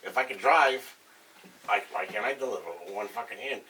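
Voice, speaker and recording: A man's voice: lowish voice, a little fast, sharp tone. A man with a New England accent chatting casually on a podcast, telling blunt, profane stories. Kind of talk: casual chat. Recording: distant mic, faint noise.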